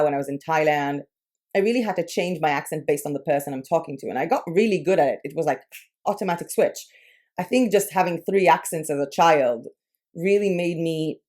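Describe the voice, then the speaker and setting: A young Israeli woman, a YouTube creator, chats casually in English for her personal vlog, using lots of filler words and a light, Americanized Israeli accent. Her voice is low-pitched with a darkish tone.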